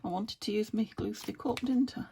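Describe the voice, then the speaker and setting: A woman's voice: medium pitch, fairly quick, gravelly, mellow, a little hiss or hum. A British woman hosting a crafting channel, chatting casually and thinking aloud as she works at her home craft table.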